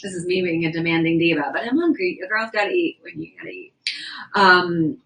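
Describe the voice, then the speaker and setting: Chatty young woman with a low voice. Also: a little fast, fairly bright tone, rough recording. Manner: rambling, chatty, reads viewer comments aloud. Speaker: livestreamer. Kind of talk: casual livestream chat. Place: indoors at a house.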